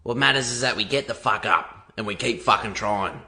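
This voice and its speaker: An actor playing a gruff, profane male mentor giving a blunt tough-love pep talk in a comedy clip, with a gravelly voice. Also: lowish voice, a little fast, pushed and bright, heavily acted. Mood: pushy. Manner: blunt, swearing, drill-sergeant pep talk.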